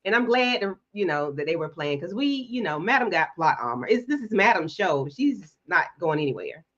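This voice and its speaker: A woman panelist on a video call recapping a TV show. She talks in a lively, gossipy way. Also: fairly low pitch, moderate pace, dull audio. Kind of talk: casual recap chat.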